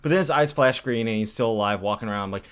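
A man's voice: fairly low pitch, very fast, smooth. A man co-hosting a podcast, chatting casually and critiquing how a story is written. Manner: analytical, critiques the writing. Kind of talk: casual chat.

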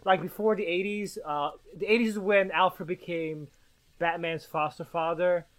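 A man with a notably high voice co-hosts a podcast about comic books. He rambles through his points with fillers and casual swearing, in a loose conversational tone. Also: fairly even intonation, normal speed. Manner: rambling, many fillers and curses. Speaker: podcast co-host. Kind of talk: casual comic book discussion.

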